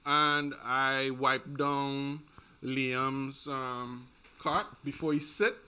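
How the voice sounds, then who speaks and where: Lively, bright-voiced man. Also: medium pitch, extremely slow, clean tone. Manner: animated, laughing, joking asides. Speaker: co-host of sports talk show. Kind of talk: casual sports talk.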